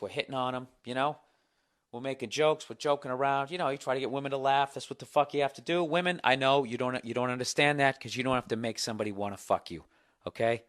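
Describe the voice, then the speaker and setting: A man hosting a podcast, telling a story in a comedic monologue, profane and animated as he rants. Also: mid-range voice. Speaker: podcast host.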